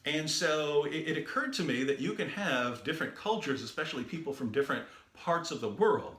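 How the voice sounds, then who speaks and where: A man who is a Christian debater, telling a story in a lively, animated way. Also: fairly high pitch, fairly quick. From the West. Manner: lively and animated, acts out quoted voices. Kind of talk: storytelling talk. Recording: roomy echoey room.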